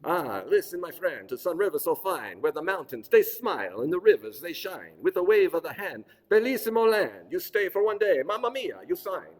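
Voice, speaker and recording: A man's voice: sits high, sing-song, normal speed, hardly any pauses, voice pushed up. A man putting on an exaggerated, theatrical stage Italian accent to recite a limerick, with hall reverb. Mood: exuberant. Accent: put-on Italian. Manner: exaggerated, theatrical, sing-song.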